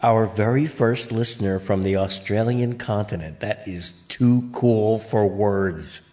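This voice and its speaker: A man's voice: on the low side, measured pace, warm tone. A man hosting a podcast in casual chat, rambling with playful asides, recorded on a home mic. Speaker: podcast host.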